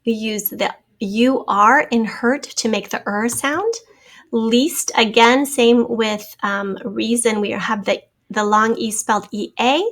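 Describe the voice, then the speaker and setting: A woman's voice: on the high side, fairly bright tone. A woman teacher giving a spelling test, then going through the answer key, patiently spelling words out letter by letter.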